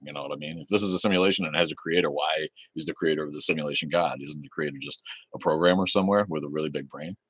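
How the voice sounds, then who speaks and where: A man's voice: a bass voice, steady tone, rapid-fire, fairly bright tone, breathy edge, no room sound. A man hosting a casual livestream, reading chat aloud in a laid-back, easygoing way, cursing casually and laughing often.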